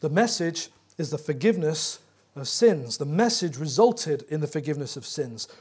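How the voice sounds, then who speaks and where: Guy with a high voice preaching, walks through bible verses, gets emphatic. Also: darkish tone, husky. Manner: earnest expository preaching, rising to emphatic. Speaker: pastor. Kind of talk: sermon.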